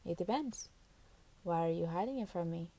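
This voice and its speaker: A woman's voice: on the low side, expressive, moderate pace, warm tone. A woman voicing a teasing, motherly middle-aged female nurse in an audiobook, scolding lightly. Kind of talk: audiobook character voice.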